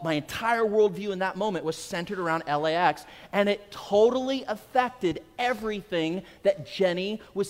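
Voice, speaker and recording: A high-pitched man preaching a sermon in a relaxed, storytelling way. He talks conversationally, repeats phrases and leans on "uh" fillers. His voice carries a long, echoing reverb from a big hall. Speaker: pastor.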